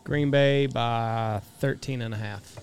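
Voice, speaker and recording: A man's voice: medium pitch, steady tone, slow, a little hiss or hum. A man on a casual sports podcast making confident, brash predictions. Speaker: podcast guest.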